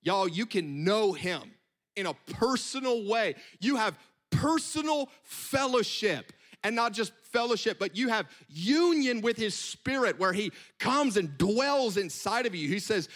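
A man preaching a sermon in an animated, conversational way, with quick asides. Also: high voice.

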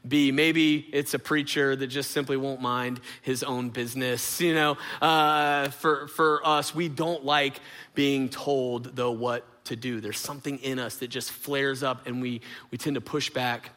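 A man's voice: mid-range voice, steady tone, measured pace, pushed and bright. A middle-aged man preaching a conversational sermon, telling stories with many fillers and speaking straight to his congregation. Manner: storytelling, filler-heavy, addresses audience directly. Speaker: pastor. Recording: long reverb of a large hall.

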